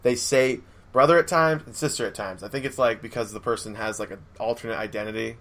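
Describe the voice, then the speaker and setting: A man's voice: medium pitch, fast, fairly bright tone. A young man hosting a casual chat, rambling with lots of fillers and acted-out quotes.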